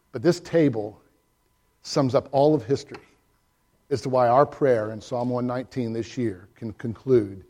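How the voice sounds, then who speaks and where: A male pastor giving a sermon, swinging from loud, high swells to quiet, hushed drops, and reading a story aloud with voices. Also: moderate pace.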